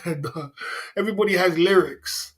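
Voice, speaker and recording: A man's voice: high voice, normal speed, fairly bright tone. A man hosting a livestream, rambling and teasing viewers with chuckles in casual banter. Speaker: livestream host.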